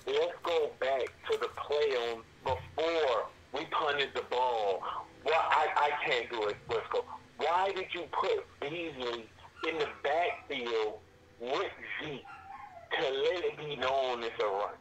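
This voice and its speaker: Exasperated fan calling in on a noisy line. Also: male voice, mid-range voice, slow pace, a bit bright, highs cut off. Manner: emphatic, exasperated, repeats himself. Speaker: caller on a sports stream. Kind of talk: passionate fan rant.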